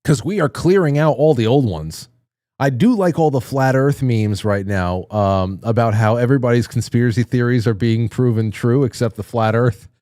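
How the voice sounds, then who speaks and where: A man's voice: medium pitch, normal speed, dark tone, dry recording, studio quality. A man in his forties hosting a live call-in show, rambling casually and cracking crude, self-mocking jokes as he reads the chat. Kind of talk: casual live-stream monologue.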